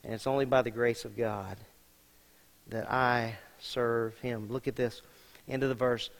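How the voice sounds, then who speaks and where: Emphatic pastor in a ringing hall. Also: male voice, mid-range voice, little pitch movement, unhurried. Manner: emphatic, swings from loud to hushed; talks straight to the congregation. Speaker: senior pastor. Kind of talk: sermon. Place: church sanctuary. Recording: long reverb of a large hall.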